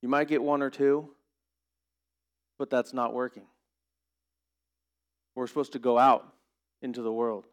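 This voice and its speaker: A man preaching a sermon as pastor, earnest and rising to emphatic questions. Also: medium pitch.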